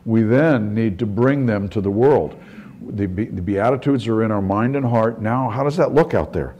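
Speaking at a moderate pace in a low, dark voice, this middle-aged pastor delivers a sermon through conversational storytelling, often starting sentences over. The highs are cut off and there's a little background noise.

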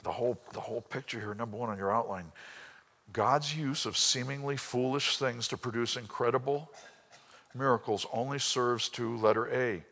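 A Bible teacher delivers a lively sermon from an outline, speaking at normal speed in a medium-pitched, slightly bright voice. He tells anecdotes, acts out the voices of people he quotes, and sometimes drops to a whisper, with long hall reverb on the recording.

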